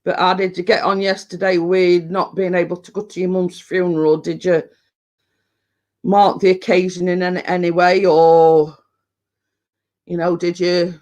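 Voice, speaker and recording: A man, chatting casually on a livestream, rambling and halting with many restarts, a little tipsy. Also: high voice, level tone, darkish tone. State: tipsy from home brew. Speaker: livestream host. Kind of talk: casual chat reading viewer comments.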